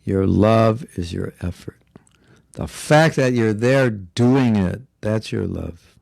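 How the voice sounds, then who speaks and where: A man's voice: on the low side, slow pace, gravelly, a little mellow, dry recording, clean studio sound. A man giving a devotional class in an earnest, conversational way, sounding a little congested and often slipping into quoted voices. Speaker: spiritual teacher. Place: Alachua, Florida.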